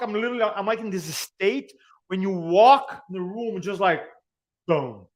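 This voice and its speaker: A man in his forties coaches an audience on public speaking in a motivational seminar style. His voice sits slightly high, and he talks with energetic, emphatic repetition. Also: moderate pace.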